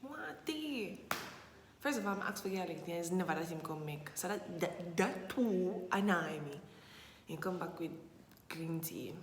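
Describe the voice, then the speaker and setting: A woman's voice: on the low side, expressive, a little slow. A young woman, chatting animatedly and emphatically in a casual Q&A vlog, repeating phrases for effect. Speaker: vlogger. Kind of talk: casual Q&A monologue. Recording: echoey room with long reverb, faint hiss.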